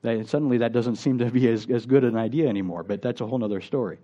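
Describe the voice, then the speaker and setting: Conversational male pastor, mellow voice. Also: mid-range voice, fast, highs cut off. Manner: conversational, asks the congregation rhetorical questions. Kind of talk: sermon.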